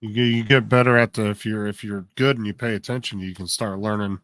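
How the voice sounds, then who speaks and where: A man's voice: lowish voice, fairly even intonation, fast, fairly bright tone, no room sound. A man talking in a casual chat, rambling and curious, often repeating words as he works out what he wants to say. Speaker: co-host on a live stream.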